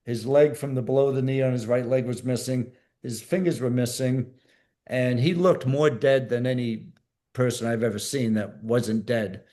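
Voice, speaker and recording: Male guest, ex-military medic, warm mellow tone, plain-spoken storyteller who repeats himself. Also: medium pitch, fairly even intonation, moderate pace. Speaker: podcast guest, former Navy SEAL medic. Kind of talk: storytelling interview.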